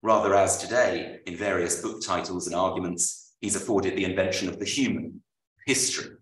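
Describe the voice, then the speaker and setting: A man, an author, reading a prepared lecture aloud at a book launch, with measured, dryly witty delivery. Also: deep voice, a bit bright. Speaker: author presenting his book. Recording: roomy, voice from far off.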